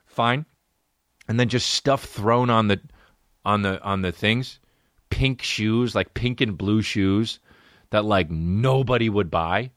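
A man's voice: on the low side, slow, a bit bright, no room sound, studio quality. A man hosting a solo comedy podcast, ranting and riffing with profane, exaggerated stories. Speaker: podcast host.

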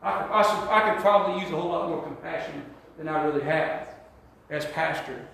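A male pastor preaching a sermon, repeating words and building to shouts. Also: on the high side, a little fast, creaky. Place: church sanctuary. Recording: very echoey church hall.

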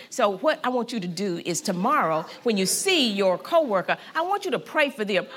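A woman's voice: mid-range voice, big pitch swings, moderate pace, few pauses, fairly bright tone. A woman pastor preaching a sermon with fervent, emphatic delivery, repeating phrases and calling on the congregation to respond.

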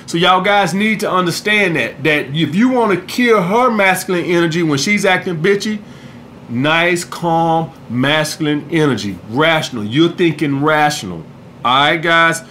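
Blunt high-voiced man. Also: sharp tone, slight background noise. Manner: blunt, profane, repeats "all right, guys". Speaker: podcast host, dating coach. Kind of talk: casual advice monologue.

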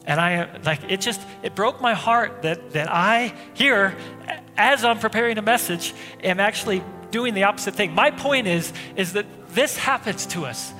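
A pastor preaching a sermon, telling a personal story in a loose conversational way with frequent restarts. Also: male voice, high-pitched, moderate pace. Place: church sanctuary. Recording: long hall reverb, faint music.

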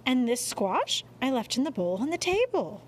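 A woman reading a storybook and voicing an anxious, fussing mother in a high, urgent voice. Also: sing-song, normal speed. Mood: worried.

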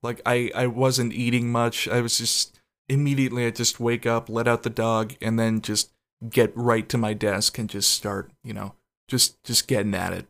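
A man's voice: mid-range voice, level tone, moderate pace, gravelly, fairly bright tone. A man hosting a casual solo podcast, rambling and swearing, with frequent self-conscious laughs. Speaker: podcast host.

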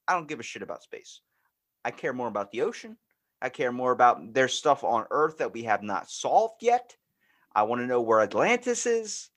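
Blunt swearing podcast host. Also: male voice, mid-range voice, very animated, moderate pace, fairly bright tone. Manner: blunt, swears freely, acts out quoted exchanges. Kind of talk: casual chat.

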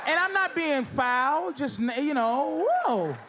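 A man doing loud, teasing stand-up crowd work on a comedy stage. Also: very high voice, lively intonation, takes it slowly. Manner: loud, teasing, riffing with the audience. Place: comedy stage before a live audience. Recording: noisy live show with crowd laughter.

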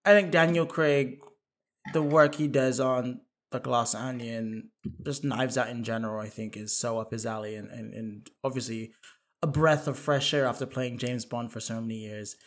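A man chatting casually as co-host about the year's films. He talks in an animated way, hedging and restarting his sentences as he thinks aloud. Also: medium pitch, moderate pace. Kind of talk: casual film award chat.

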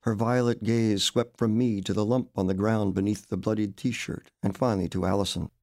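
A man narrating his own literary story aloud, expressive and wry. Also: on the low side, moderate pace, dry recording, clean studio sound. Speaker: author reading his story.

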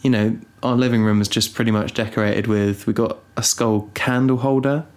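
A young man co-hosting a casual podcast, rambling and teasing with deadpan asides. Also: on the low side, normal speed. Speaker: podcast co-host. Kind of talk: casual chat.

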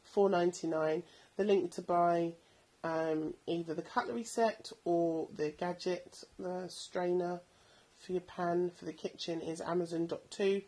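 A woman's voice: on the low side, steady tone, measured pace, dark tone, rough recording. A woman in her thirties hosting a podcast, chatting casually about bargain buys and rambling with plenty of ums. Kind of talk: casual product recommendations.

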